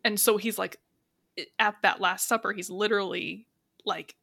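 A woman's voice: mid-range voice, steady tone, moderate pace, gravelly, bright, forceful tone, no echo. A woman co-hosting a casual film-discussion podcast, telling stories with many fillers. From raised Catholic. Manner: chatty, storytelling with lots of fillers. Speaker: podcast co-host.

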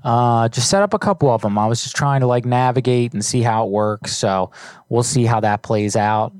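A man hosts a live prank call stream, talking in a loose, rambling way full of swearing and filler words. His pitch sits right in the middle for a man. The sound is dry and close, with no room around it. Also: moderate pace, a little mellow, smooth, dry recording. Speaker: livestream prank call show host. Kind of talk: casual live-stream chat.

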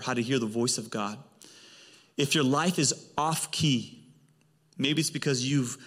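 A male pastor preaching a sermon with emphatic delivery and big swings in pitch. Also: a bit bright. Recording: long hall reverb.

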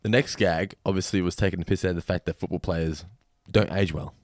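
Easygoing lower-voiced man chatting. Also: fairly even intonation, a little fast, no room sound, studio quality. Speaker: podcast co-host. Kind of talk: casual chat.

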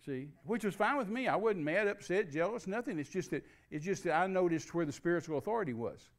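Older preacher telling a story. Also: male voice, sits high, animated, quick pace. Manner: folksy storytelling with restarts and laughs. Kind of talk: sermon storytelling.

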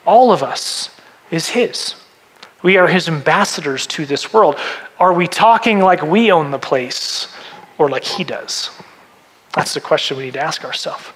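High-voiced man preaching conversationally. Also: animated, measured pace, fairly bright tone, rough recording. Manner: conversational preaching with asides and self-corrections. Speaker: pastor. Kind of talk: sermon.

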